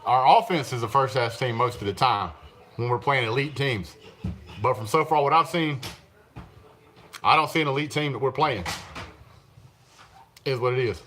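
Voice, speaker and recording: A man's voice: mid-range voice, moderate pace, pauses often, fairly bright tone, a little hiss or hum. A man hosting a casual live stream, reading viewer comments aloud, laughing often and answering the chat. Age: adult, father of young children. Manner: chatty, laughs often, talks back to the chat.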